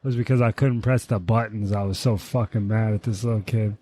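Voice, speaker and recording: A man's voice: on the low side, fairly quick, slight background noise. A man casually chatting on a podcast, telling a story with lots of swearing and heated outbursts. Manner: profane, animated storytelling with heated quoted outbursts. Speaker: podcast co-host.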